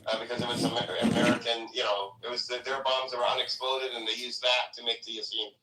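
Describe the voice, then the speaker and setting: A man's voice: mid-range voice, flat delivery, fast talker, sharp tone. A man in a group political discussion, speculating and hedging his points. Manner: speculative, hedges and restarts often. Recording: roomy sound from a distant mic.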